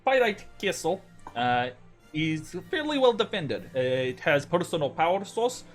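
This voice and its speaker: A man voicing a cybernetic Russian woman, second in command, with a deliberately bad Russian accent, slightly masculine and slurred, dropping her articles. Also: a little high, very animated, soft background music. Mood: briefing. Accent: bad put-on Russian.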